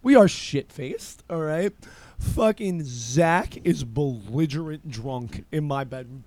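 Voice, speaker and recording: A man in his thirties in casual chat, telling animated, profane stories. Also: fairly high pitch, takes it slowly, slight background noise. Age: 30s.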